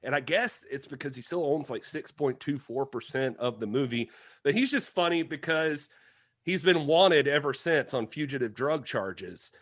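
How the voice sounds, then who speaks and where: A man's voice: mid-range voice, animated, moderate pace, fairly bright tone, no echo, clean studio sound. A man co-hosting a podcast, talking casually and digressively, joking and laughing often. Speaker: podcast co-host. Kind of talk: casual chat.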